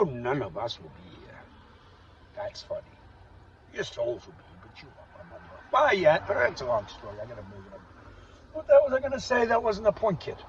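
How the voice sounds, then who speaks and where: Profane, volatile man. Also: a little high. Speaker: vlogger. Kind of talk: rambling monologue rant. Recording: distant dull recording with faint noise.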